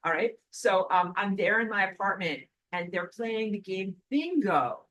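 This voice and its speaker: A woman's voice: medium pitch, unhurried, low-quality recording. A young woman host telling personal anecdotes in a casual, enthusiastic livestream chat. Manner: enthusiastic, animated storytelling.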